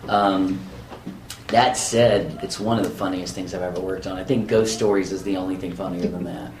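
Lowish guy voice actor telling stories, animated, echoey room, bit of background hum. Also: moderate pace. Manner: animated, acts out quoted voices. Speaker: voice actor guest. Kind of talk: anecdotal interview storytelling. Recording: echoey room with faint ambience.

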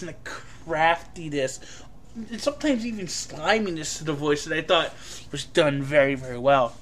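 A man giving a casual, rambling film review, full of fillers and an animated delivery. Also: high-pitched.

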